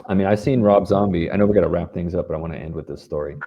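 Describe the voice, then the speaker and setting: Deep-voiced man telling band stories. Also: racing, lo-fi sound. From Los Angeles. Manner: animated storyteller, acts out quotes. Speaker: band member guest. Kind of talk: casual interview storytelling.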